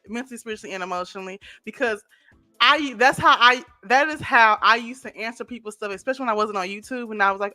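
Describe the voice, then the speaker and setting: A woman with a St. Louis accent talks straight to her viewers on a casual live stream, and her voice is bright and fairly high. She gets emotional and reads out comments as she goes. Soft music plays faintly behind her. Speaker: YouTuber hosting a live stream.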